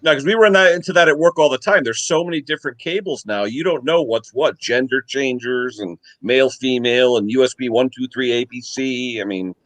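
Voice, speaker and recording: A man's voice: medium pitch, fairly quick, few pauses, fairly bright tone, no room sound, poor audio. A man on a live stream panel, chatting casually and joking while giving practical advice. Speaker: panel guest.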